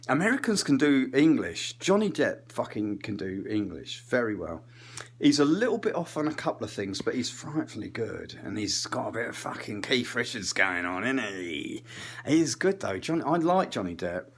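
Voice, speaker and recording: A man doing a rambling comic rant, swearing casually, losing his thread and drifting between muttered asides and louder bursts. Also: mid-range voice, lively intonation, moderate pace. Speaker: channel host.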